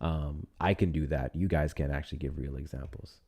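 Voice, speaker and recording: A man's voice: rumbling low, fairly even intonation, fairly quick, a little mellow. A man hosting a casual livestream, talking with a teasing, sarcastic and profane manner. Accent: Texan. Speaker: livestream host.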